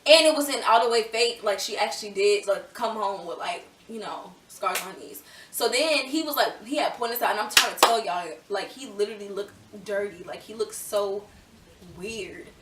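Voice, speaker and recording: A young woman telling a storytime vlog in a chatty, animated way, full of fillers. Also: mid-range voice, normal speed, noisy background. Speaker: vlogger. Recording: echoey room, a little far from mic.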